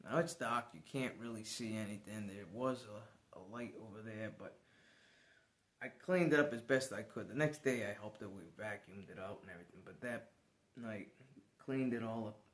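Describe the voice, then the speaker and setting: A man's voice: on the low side, moderate pace, a bit bright. A man telling a personal story in a casual, rambling way, chuckling now and then. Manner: rambling, conversational, restarts, chuckles.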